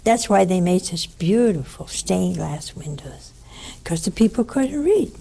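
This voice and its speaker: A woman giving a spiritual teaching in an easy, conversational way, breaking off to speak straight to her listeners. Her voice is gravelly and dark, with a husky edge. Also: fairly low pitch, measured pace. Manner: lively storyteller with asides to listeners.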